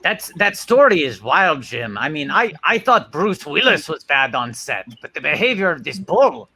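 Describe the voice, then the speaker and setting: A man's voice: fairly high pitch, big pitch swings, moderate pace, sharp tone, breathy edge. A man hosting a comedy talk show, asking questions in a dry, mock-earnest way.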